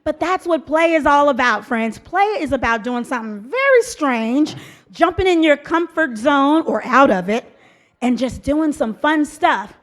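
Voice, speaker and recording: A woman's voice: sits high, lively intonation, measured pace, a bit bright. A woman leading an audience in a rhythmic call-and-response drum game, chanting and coaxing.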